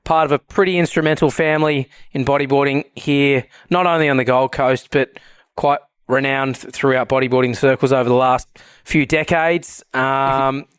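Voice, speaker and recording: A man's voice: mid-range voice, steady tone, normal speed, clear, resonant tone, no room sound, studio quality. A man hosting a casual podcast interview, full of joking, matey banter. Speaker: podcast host.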